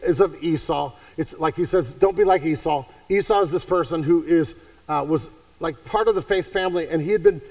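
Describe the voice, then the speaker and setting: A man preaching a sermon in a conversational way, repeating himself and swinging from hushed to fervent. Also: on the high side, far from the mic, poor audio. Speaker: pastor.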